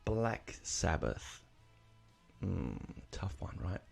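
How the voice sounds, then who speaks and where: A man's voice: sits low, big pitch swings, extremely slow, vocal fry, darkish tone, breathy edge. A man hosting a casual music podcast, rambling and emotional, with lots of fillers and restarts. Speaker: podcast host.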